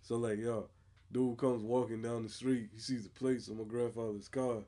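A man co-hosting a podcast in relaxed casual chat, trading stories and agreeing often. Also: mid-range voice, moderate pace. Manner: laid-back, frequent "word" and "yeah" agreement. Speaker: podcast co-host.

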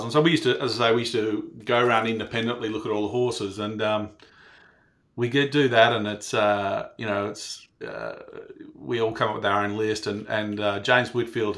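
A man's voice: lowish voice, fairly bright tone. A man telling a long, rambling anecdote in casual podcast talk, full of fillers and quoted asides. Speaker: racing industry panelist telling a story. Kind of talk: casual storytelling.

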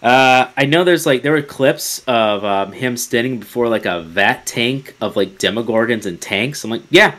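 A man's voice: medium pitch, moderate pace, hardly any pauses, a bit bright. Joking, blunt male podcast co-host. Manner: joking, blunt, swears casually. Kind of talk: casual review chat.

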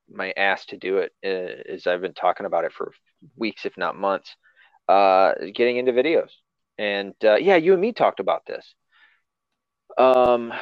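A man's voice: lowish voice, no echo, highs cut off. A man hosting a casual podcast chat, loose and profane, laughing often. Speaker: podcast host.

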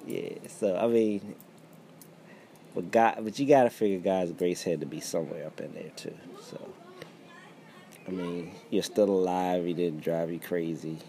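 A man with a very low, gravelly voice talks bluntly in a relaxed chat, swearing freely and laughing often. His tone is dark and mellow. Faint room noise sits behind him. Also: unhurried. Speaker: podcast co-host. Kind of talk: casual chat.

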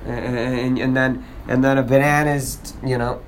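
A man chats playfully, teasing the people around him and bursting into bits of song. His pitch sits in the middle of the range. He piles on repeated words for emphasis over a faint background hum. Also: level tone, measured pace. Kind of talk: playful casual chat.

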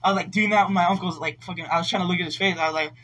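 A man's voice: high voice, fairly even intonation, racing, bright, forceful tone. A young man telling a long story in casual chat, rambling and swearing with constant filler words. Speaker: podcast co-host telling a story. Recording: voice somewhat distant from mic.

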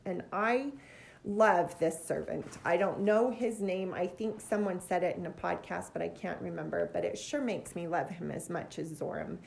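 A woman's voice: fairly low pitch, gravelly, a little mellow. A middle-aged woman giving a heartfelt, casual scripture lesson with earnest emotion. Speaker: scripture study teacher.

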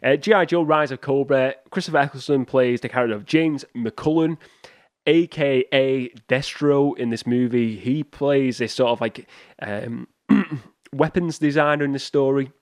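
A man's voice: medium pitch, moderate pace, no room sound, studio quality. A man hosting a solo movie podcast, chatting casually and rambling with restarts and small chuckles. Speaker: podcast host.

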